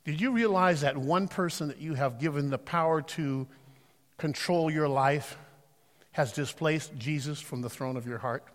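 High-voiced preacher in a reverberant sanctuary. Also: male voice, moderate pace. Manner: swings between shouted exhortation and quiet scripture reading. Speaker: pastor. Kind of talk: sermon. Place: church sanctuary. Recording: long hall reverb.

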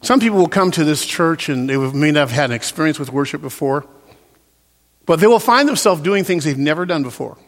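A man preaching a sermon as a pastor in a church, swinging from loud, emphatic peaks down to soft, quiet passages. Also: a little high, animated, fairly quick, long reverb tail. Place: church sanctuary.

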